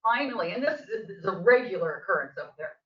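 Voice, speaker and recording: A woman's voice: medium pitch, sing-song, fast. An older woman, a local resident giving public comment at a board meeting, telling her story in an agitated, emphatic way. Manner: agitated, emphatic storytelling, voice rising toward the end. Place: district office meeting room. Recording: distant, echoey, dull meeting-room audio.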